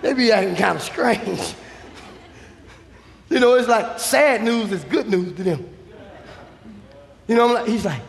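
A male evangelist preaching at full volume, with a very high and gravelly voice. He shouts his points and acts out both sides of a conversation. The sound carries the long echo of a church hall. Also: animated, normal speed, pauses often. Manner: shouting, emphatic, acts out dialogue. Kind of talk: sermon.

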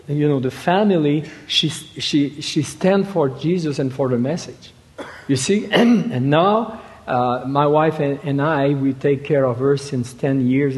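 Male preacher. Halting, stop-start delivery with emphatic peaks. Slightly raised pitch, echoing hall. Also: darkish tone. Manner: halting, repeats words, rises to emphatic quoting. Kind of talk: sermon. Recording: reverberant hall.

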